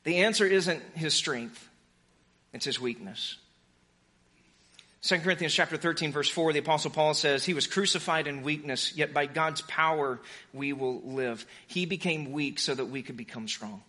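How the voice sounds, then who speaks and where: A male pastor delivers a sermon with a bright, forceful edge to his fairly high voice. He preaches with urgency, pleading with his listeners, then drops into hushed, intimate stretches. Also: normal speed.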